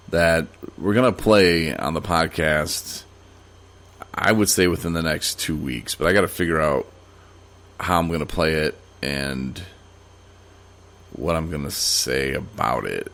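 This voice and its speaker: A man's voice: very deep voice, a little slow, vocal fry, a bit bright. A man hosting a podcast, talking casually and rambling, with many fillers and restarts. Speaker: podcast host. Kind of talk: casual solo podcast monologue.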